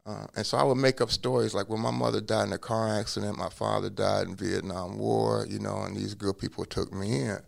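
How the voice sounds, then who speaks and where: A man telling his life story in a relaxed interview, acting out what people said to him. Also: on the low side, brisk, vocal fry, few pauses. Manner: acts out quoted dialogue in a lively way; casual, drops curse words. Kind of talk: conversational storytelling.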